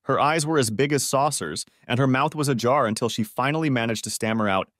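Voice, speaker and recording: A man's voice: medium pitch, brisk, few pauses, a bit bright, no echo. Man narrating a story in a dry room. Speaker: audiobook narrator. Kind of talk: first-person story narration.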